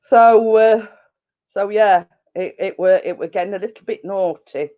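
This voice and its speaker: A middle-aged woman chats slowly and unhurriedly on a home live stream, rambling from one thing to the next with fillers and little giggles. The sound is dull and lo-fi, like a cheap home setup. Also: mid-range voice. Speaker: channel host on a live stream. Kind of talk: casual live-stream chat. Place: living room at home.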